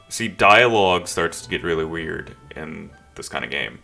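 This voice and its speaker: A man's voice: sits low, lively intonation, moderate pace, gravelly, hardly any pauses, sharp tone, faint music behind. A man reading an improvised story game aloud, with dry, joking asides. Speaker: gamer narrating a text adventure.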